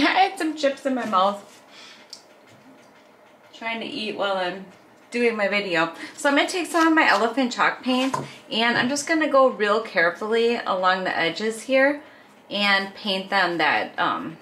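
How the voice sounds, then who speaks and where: A woman's voice: mid-range voice, a bit bright, slight background noise. A woman hosting a casual craft video, narrating each step as she works, chatty with small laughs. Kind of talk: casual craft tutorial voice-over.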